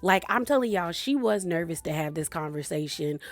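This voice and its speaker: A woman's voice: fairly low pitch, animated, fairly quick. A woman recapping a reality TV episode in a chatty, gossipy way, laughing often and acting out what the cast said. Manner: chatty, gossipy, laughs often, retells scenes in character voices. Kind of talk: casual episode recap commentary.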